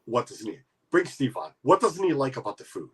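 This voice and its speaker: Animated husky-voiced man, rambling. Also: medium pitch, a little fast. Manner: rambling, animated, many restarts. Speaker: livestream host. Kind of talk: casual chat.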